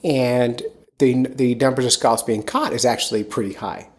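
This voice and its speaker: A man from near Philadelphia hosting a casual fishing podcast, chatty and rambling, with quick bursts of speech. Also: mid-range voice, fairly even intonation. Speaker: podcast host and fishing guide.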